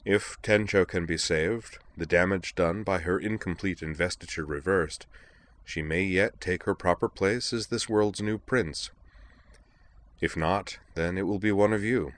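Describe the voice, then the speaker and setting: A man voicing a cool, authoritative young chairman who speaks in a measured, flat way, in a story reading. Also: deep voice. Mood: cold. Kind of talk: audiobook reading of fan fiction.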